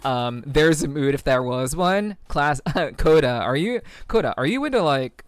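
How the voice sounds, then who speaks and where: A woman streamer chatting easily with her viewers, rambling along with ums and small laughs. Her voice is smooth and clean at a middle pitch, recorded dry and close, with faint music underneath. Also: unhurried, dry recording. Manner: relaxed, rambling, frequent ums and soft laughs. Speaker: VTuber streamer. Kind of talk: casual livestream chat with viewers.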